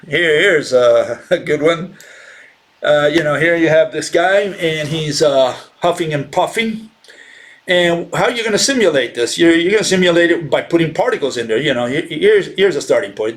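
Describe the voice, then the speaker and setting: A man giving an informal science lecture, blunt and dismissive of rival ideas, asking rhetorical questions and often restarting with fillers. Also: a little high. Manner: halting, many fillers and restarts.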